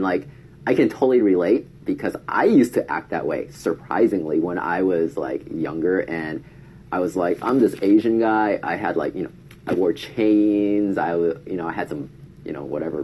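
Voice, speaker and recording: A man's voice: deep voice, normal speed, a little mellow, slight background noise. A man telling a casual story to camera, chatty, acting out quoted lines in a raised voice. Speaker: vlogger.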